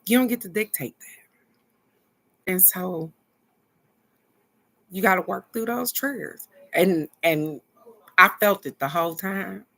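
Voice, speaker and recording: Low gravelly-voiced woman telling a story. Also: takes it slowly, pauses often, fairly bright tone. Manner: earnest, reflective, talks straight to viewers. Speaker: spiritual card-reading host. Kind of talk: casual storytelling to viewers.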